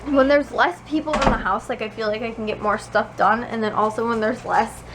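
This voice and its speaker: Speaking fairly quickly with fairly even intonation and a fairly high pitch, a young woman from suburban Chicago, USA, chats casually to camera. She vlogs from her bedroom at night, rambling with lots of fillers, in a noisy home recording.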